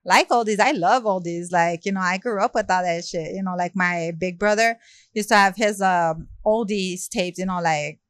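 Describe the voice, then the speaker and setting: Lively Los woman telling a story. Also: lowish voice, normal speed, clean tone, dry recording. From South Central Los Angeles. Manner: lively, acts out quoted dialogue, many "you know" and "like" fillers. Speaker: rapper, interview guest. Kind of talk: casual storytelling in an interview.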